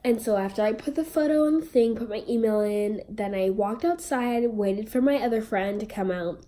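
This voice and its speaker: A young woman chatting through a storytime video in a bubbly, rambling way, poking fun at herself as she goes. Her voice sits a little high, with a mellow, soft tone. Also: normal speed. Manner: bubbly, rambling and self-mocking. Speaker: vlogger. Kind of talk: casual storytime.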